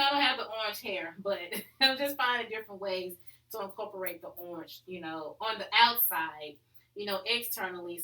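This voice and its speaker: A woman's voice: medium pitch, sharp tone, echoey room, low-quality recording. Chatty, upbeat woman podcast host. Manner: chatty and upbeat, many fillers. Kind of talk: casual solo podcast talk.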